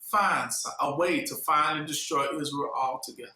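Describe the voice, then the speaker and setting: A man preaching a sermon, posing questions and pausing for listeners to fill in the answer. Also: fairly high pitch, bright, forceful tone. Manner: call-and-response questions, fill-in-the-blank pauses. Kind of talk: sermon teaching. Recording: echoey room from far off.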